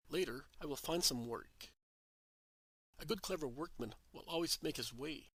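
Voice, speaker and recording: A man reading as Joseph, husky and earnest. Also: on the high side, dry recording, exaggerated voice, rough recording. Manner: calm, earnest reassurance. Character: Joseph, gentle devoted husband, middle-aged man. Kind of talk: devotional story reading.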